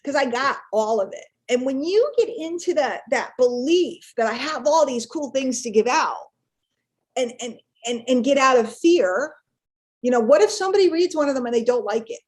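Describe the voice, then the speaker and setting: A woman's voice: sits high, animated, moderate pace. A middle-aged woman speaking casually and playfully on a live webinar, repeating herself for emphasis. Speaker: guest speaker on marketing webinar.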